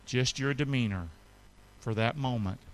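A middle-aged male pastor preaching a sermon to his congregation, calling for responses and swinging between loud peaks and soft asides. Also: mid-range voice, measured pace, a little hiss or hum. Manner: call-and-response preaching, rising to shouts then dropping soft. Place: church sanctuary with congregation.

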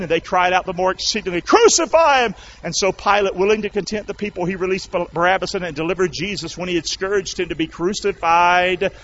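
A male pastor preaching a sermon, calling out to the congregation and rising to shouts. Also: high-pitched, highs cut off, a little hiss or hum. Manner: loud call-and-response preaching, rising to shouts.

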